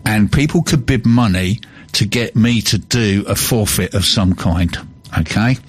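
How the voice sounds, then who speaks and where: A man's voice: fairly low pitch, husky, no room sound. A man from England hosting a casual radio chat show in a studio, chatty and teasing. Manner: chatty, teasing, quick to laugh. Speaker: radio host.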